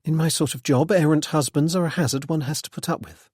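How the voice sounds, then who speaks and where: A man's voice: a little high, fairly even intonation, fast, a little mellow, no echo, clean studio sound, pitched above the performer's own voice, natural voice. A man voicing a guarded young woman in an audiobook, raising his voice in clipped, defensive lines.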